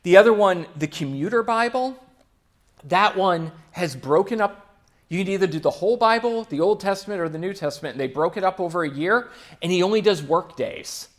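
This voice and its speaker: A young man giving a casual, chatty church talk, with quick asides and frequent fillers. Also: sits high, expressive. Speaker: church speaker.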